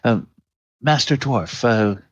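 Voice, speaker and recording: A man voicing a kindly older priest who speaks in a gentle, reassuring way. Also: medium pitch, expressive, slow, no echo, lo-fi sound. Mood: soothing. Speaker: priest character.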